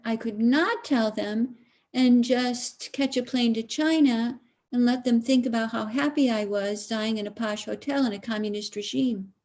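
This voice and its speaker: Brief: middle-aged woman, comic storyteller, animated and self-mocking, fairly high voice. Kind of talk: comic storytelling at a live stream concert.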